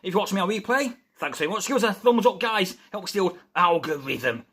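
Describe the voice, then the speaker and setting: A chatty man hosts a live wrestling news stream from home, calling his viewers "guys" and getting excited over every story. His voice is bright and forward, with a pitch that swings up and down a lot. He is feverish, but he keeps the talk going. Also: fairly quick, husky. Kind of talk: casual wrestling news chat.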